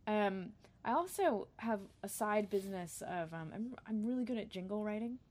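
A woman's voice: medium pitch, lively intonation, moderate pace, a little mellow. A woman singer-songwriter chatting casually as a guest, self-deprecating and talkative. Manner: chatty, self-deprecating, sings short jingles. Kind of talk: casual chat.

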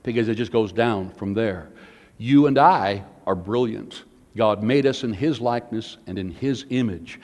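A man's voice: mid-range voice, a little mellow. A man preaching a sermon as pastor, emphatic and varied, asking rhetorical questions of the congregation. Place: church. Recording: long hall reverb.

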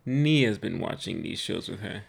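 Very deep-voiced man, animated storyteller. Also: a little slow, vocal fry, slightly rough. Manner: animated storyteller who acts out quoted voices. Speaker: podcast co-host. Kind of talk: casual chat.

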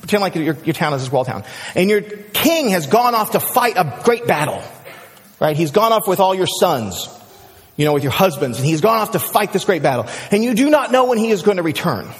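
Male pastor, high voice, animated sermon, long hall echo. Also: brisk. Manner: animated storyteller, swings from excited shouts to hushed prayer.

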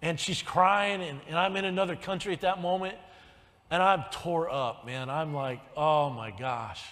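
An older man preaching a sermon, telling stories and swinging from soft, quiet lines to shouted emphasis. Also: on the high side, measured pace. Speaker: pastor. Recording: long hall reverb.

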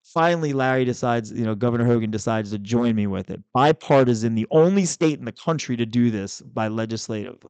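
Animated man telling a story, dry sound. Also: a little fast, clean tone, no echo. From Maryland, US. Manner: animated, acts out quotes with big pitch jumps. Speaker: podcast host, former state senator. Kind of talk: casual storytelling chat.

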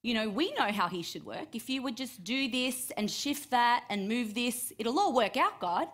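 A woman's voice: fairly high pitch, expressive, normal speed, a bit bright. A woman preaching, reading and retelling a scripture story and acting out the quoted voices with rising emphasis.

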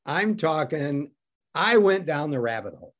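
A man's voice: fairly high pitch, big pitch swings, unhurried. A man from Detroit telling a personal story as a guest, wry and self-mocking, acting out the dialogue he quotes. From Detroit, USA. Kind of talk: animated storytelling.

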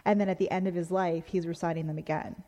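A woman's voice: fairly low pitch, fairly even intonation, quick pace, warm tone, in a large hall, dull audio. A woman co-hosting a podcast, joking and laughing in casual talk. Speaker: podcast co-host. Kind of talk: casual chat.

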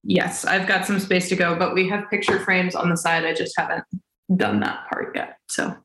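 A woman's voice: lowish voice, little pitch movement, moderate pace, a bit bright. A woman in her twenties co-hosting a podcast over a video call, chatting casually in a dry, teasing way. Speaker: podcast co-host. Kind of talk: casual chat. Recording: roomy echo on video call.

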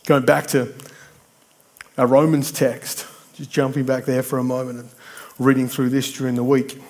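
This man delivers a sermon in a medium-pitched, flat, slightly mellow voice at a moderate pace. He is conversational and emphatic, building his points through repetition and bantering with members of the congregation.

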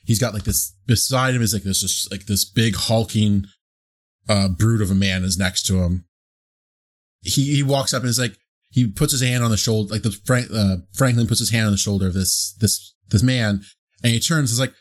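Casual game master, rambling narration. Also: male voice, on the low side, normal speed. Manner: casual, rambling, many fillers.

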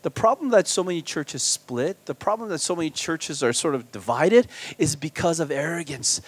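High-voiced animated male preacher. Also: normal speed, few pauses, husky, dry recording. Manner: animated, swinging between loud emphasis and quiet asides. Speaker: guest speaker pastor. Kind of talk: sermon. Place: church retreat hall.

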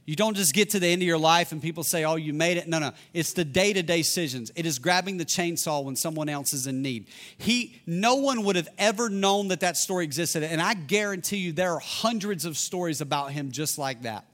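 A pastor preaches a sermon earnestly and conversationally, repeating key lines for emphasis and shifting between loud declarations and hushed passages. His voice is on the high side, a little fast, with few pauses.

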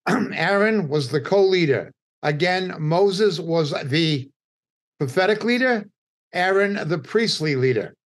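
Slow, deliberate New teacher. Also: male voice, high voice, lively intonation. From New York. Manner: deliberate, emphatic, pausing between phrases. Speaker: Bible teacher. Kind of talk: midweek Bible study teaching.

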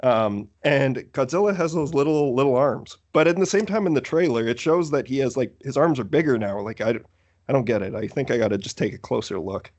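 A man's voice: mid-range voice, a little fast, darkish tone, highs cut off. A man hosting a casual podcast chat, joking, laughing easily and swearing. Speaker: podcast host.

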